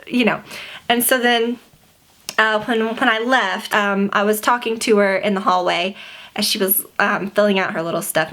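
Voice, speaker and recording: A woman's voice: mid-range voice, a bit bright. Chatty young woman vlogging. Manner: chatty, heavy use of like and you know. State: pregnant. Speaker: beauty vlogger. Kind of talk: casual chat to camera.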